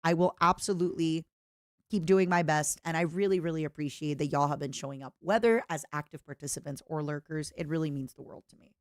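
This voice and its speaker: A woman streamer chatting casually and reading fan letters, expressive and playful, swinging from excited squeals to soft murmurs, her throat a little strained. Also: low-pitched, a little fast, no room sound, clean studio sound.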